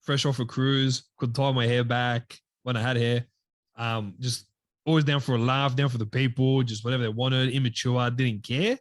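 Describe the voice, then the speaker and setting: Casting: male co-host, mid-range, heartfelt, quiet at times, dry close mic. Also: mid-range voice, little pitch movement, moderate pace, dry recording. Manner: heartfelt, often drops to a quiet voice. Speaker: podcast co-host. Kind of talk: casual faith chat.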